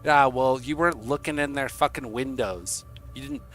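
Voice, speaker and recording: A young man streaming to his chat, telling a rambling, profane story in a casual, animated way. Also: medium pitch, moderate pace, soft background music.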